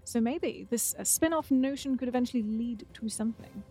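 A woman's voice: fairly high pitch, a little fast, warm tone, faint music behind. A woman co-hosting a podcast in casual chat, playfully reading out news items. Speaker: podcast co-host.

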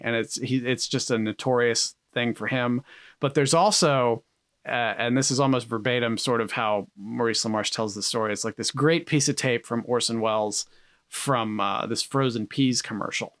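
Animated man telling a story. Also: mid-range voice, dry recording, studio quality. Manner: animated storyteller, laughing often. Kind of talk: casual chat.

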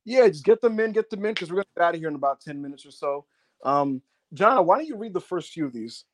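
A man's voice: high-pitched, expressive, quick pace. A man co-hosting a casual wrestling review show, rambling and joking. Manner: rambling, mocking impressions. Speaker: podcast co-host.

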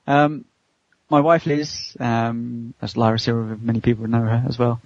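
A man's voice: medium pitch, flat delivery, normal speed, no room sound, dull audio. A man in his thirties, chatty and laughing often as he tells a personal story in an interview, acting out the voices of the people in it. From United Kingdom. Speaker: co-host answering interview questions.

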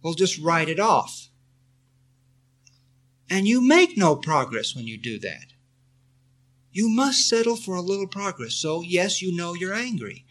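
An earnest man speaks as a spiritual teacher, answering a question from his listeners. He sits a little high in pitch for a man. He keeps coming back to the same points and leads the group through spoken affirmations. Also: very animated, moderate pace, long pauses, fairly bright tone.

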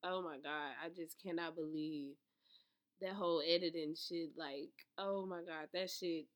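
A young adult woman on a profane, animated storytime rant to her viewers. She swings from loud outbursts to low, calmer talk. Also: unhurried. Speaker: vlogger, author promoting an ebook.

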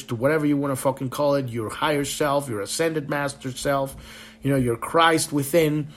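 A man hosting a spiritual podcast, talking in a passionate, rambling monologue full of swearing. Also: on the high side. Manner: profane, impassioned and rambling. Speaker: podcast host.

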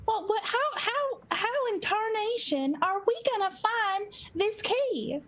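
Woman, tabletop player, very high voice, exclamatory, animated. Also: takes it slowly, poor audio. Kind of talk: playing a tabletop game.

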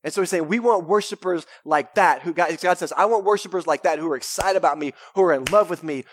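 A young man, preaching a sermon in a casual, energetic way with lots of "right?" and "man". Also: on the high side, quick pace, few pauses, no room sound, studio quality. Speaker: pastor. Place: church sanctuary.

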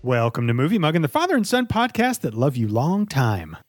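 A man's voice: on the high side, a little fast, over music. A middle-aged man co-hosting a casual podcast with his son, talking in a joking, playful way. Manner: joking, playful, lively delivery. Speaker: podcast co-host, father. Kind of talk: casual chat.

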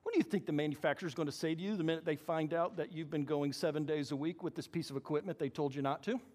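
Male pastor, high-pitched and animated, preaching in a church hall with long reverb. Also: fast talker. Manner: animated, acts out quoted voices. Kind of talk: sermon.

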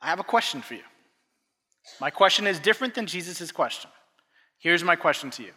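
Animated, bright-voiced pastor in an echoing hall. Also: male voice, fairly high pitch, a little fast, pauses often, slightly rough. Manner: animated storytelling, acting out family dialogue. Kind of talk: sermon. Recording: long echo of a large hall.

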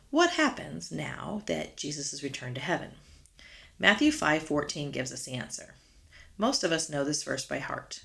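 A woman's voice: sits low, gravelly, fairly bright tone. A woman giving a devotional Bible teaching as a guest, earnest and full of rhetorical questions. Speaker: guest speaker.

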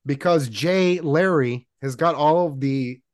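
A man's voice: fairly high pitch, measured pace, dry recording, studio quality. A man co-hosting a casual sports betting chat, chatty and rambling, laughing often. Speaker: podcast co-host making picks.

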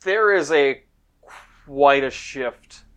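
A man narrating as game master of a tabletop role-playing game, with a measured, dry delivery. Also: mid-range voice, expressive, a bit bright.

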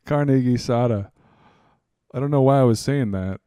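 A young man co-hosting a podcast, telling stories in casual chat. He rambles, repeats words and gets excited. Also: medium pitch, fast talker, clear, resonant tone, no echo, clean studio sound. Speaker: podcast co-host, scam baiter.

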